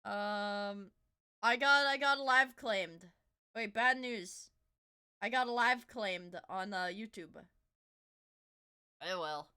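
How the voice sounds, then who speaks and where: A woman streamer chatting casually to her live viewers while reacting to a video, excitable and rambling, often breaking off to apologize. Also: mid-range voice, slow pace, pauses often, clean tone.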